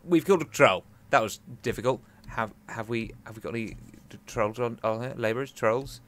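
A man's voice: medium pitch, brisk, a bit bright. Chatty gamer narrating his play. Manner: chatty, jokey, talks to himself while playing. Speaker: gaming YouTuber. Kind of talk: gameplay commentary.

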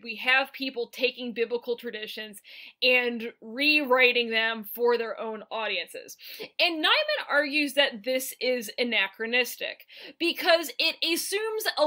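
A woman's voice: sits high, sharp tone. A woman co-hosting an academic podcast, explaining scholarly concepts step by step in a lecturing way. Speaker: podcast co-host.

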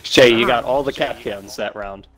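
A man's voice: medium pitch, moderate pace, crowd noise. A young man teasing his teammates in a laid-back way during an online match. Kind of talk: casual gaming chat.

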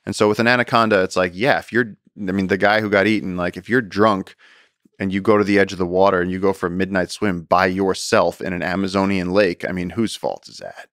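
An American man in his thirties, a podcast guest telling stories in casual conversation, animated, acting out quotes, with many fillers. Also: low-pitched, fairly quick, dry recording, clean studio sound. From United States.

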